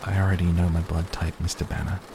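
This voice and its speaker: A man's voice: low voice, little pitch movement, quick pace, noisy background. A man voicing a queasy, embarrassed teenage girl who speaks weakly and pleadingly, as in an audiobook. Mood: faint, pleading. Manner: weak, pleading and quiet.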